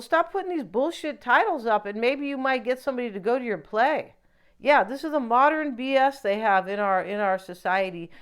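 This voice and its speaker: A woman's voice: a little high, fairly bright tone, clean tone. A woman giving a casual tarot reading, rambling and opinionated, with frequent asides. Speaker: tarot reader.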